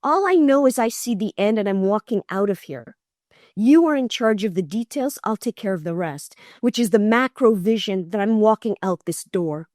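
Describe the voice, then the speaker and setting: A middle-aged woman, a guest on an interview show, telling her story in an earnest, animated way and acting out other people's voices. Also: medium pitch, normal speed, no room sound, clean studio sound. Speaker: guest, cancer survivor.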